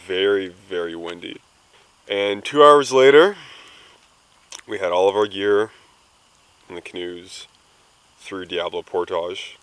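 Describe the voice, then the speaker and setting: A man giving a relaxed end-of-day recap at a campsite, sometimes repeating his words as he searches for them. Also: low voice, takes it slowly, long pauses, clean tone, dry recording, low-quality recording. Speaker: canoe trip member recapping the day. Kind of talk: casual end-of-day video diary. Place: outdoors at a wilderness campsite.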